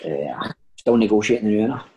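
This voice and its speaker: Laid-back Scottish man, low voice. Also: animated, brisk, dark tone. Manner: laid-back, short replies. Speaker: guest, footballer. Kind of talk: casual chat over a video call. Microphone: video call.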